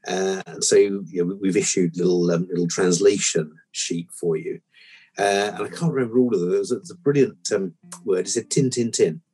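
A man's voice: low voice, a little fast, warm tone, husky. A man co-hosting a vet podcast, telling a long rambling anecdote with many restarts. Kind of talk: casual storytelling.

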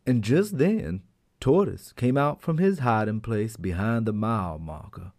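Male storyteller, folk tale, unhurried, lively intonation. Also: on the low side. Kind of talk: animated storytelling.

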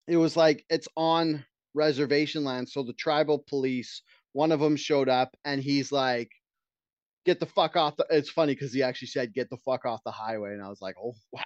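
A man's voice: fairly high pitch, no room sound, dull audio. A man co-hosting a podcast in casual chat, telling stories in a profane, ranting way. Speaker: podcast co-host.

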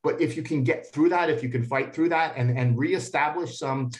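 A man's voice: on the high side, normal speed. Earnest middle-aged man giving advice. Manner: earnest, advising, repeats words as he thinks. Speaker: expert guest, parent. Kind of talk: interview answers.

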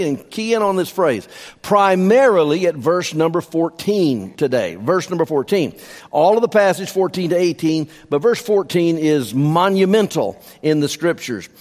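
A man preaching a sermon as pastor, emphatic, repeating key phrases for stress. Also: a little high. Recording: long hall reverb.

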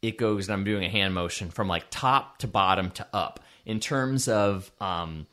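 A man's voice: low voice, moderate pace. A man chatting casually, telling stories and acting out what people said. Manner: lively storyteller, acts out quotes. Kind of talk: casual chat, storytelling.

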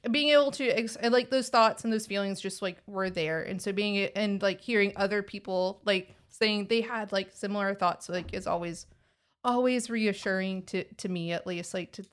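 A young adult with a light Texan accent talks in a loose, rambling way, full of "like" and false starts. The voice is smooth and clean, sitting at a middle pitch. It suits relaxed podcast talk. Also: female voice. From Texas. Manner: rambling, halting, many fillers and restarts. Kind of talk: casual podcast conversation.

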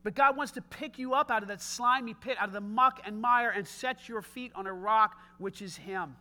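Male pastor, middle-aged, high bright voice, emphatic casual preaching. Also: normal speed. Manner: emphatic, conversational preaching with rising shouts. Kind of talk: sermon.

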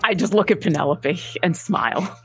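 A woman's voice: fairly low pitch, moderate pace, slightly rough, soft background music. A woman playing in a tabletop game who asks curious questions. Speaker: player. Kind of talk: casual tabletop play.

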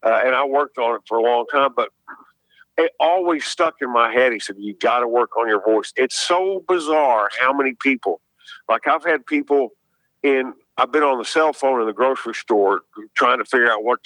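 A man's voice: mid-range voice, moderate pace, fairly bright tone, dry recording, low-quality recording. An older man, a guest actor, chatting casually in a radio interview with rambling stories.

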